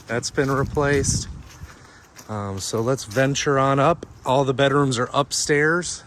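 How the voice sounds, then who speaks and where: Chatty man touring a house, slow-paced. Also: medium pitch, steady tone, a bit bright, slight background noise. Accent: Texan. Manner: chatty and jokey, points things out in quick lists. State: a little out of breath from walking. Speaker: real estate agent giving a home tour. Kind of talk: casual walkthrough narration while filming. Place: inside a house and its backyard. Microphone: handheld camera he is carrying.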